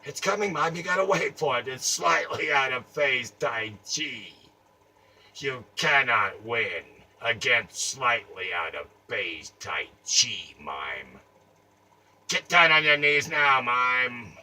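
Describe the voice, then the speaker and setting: A man doing an improvised comic monologue, taunting someone in a theatrical voice that swings from mutters to shouts. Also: mid-range voice, lively intonation, slow pace. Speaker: comedic performer. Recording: distant mic, faint ambient noise.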